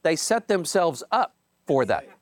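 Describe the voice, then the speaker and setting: A man, leading a team meeting and commenting casually on a book, emphatic and animated, jumping high in pitch to stress points. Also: unhurried.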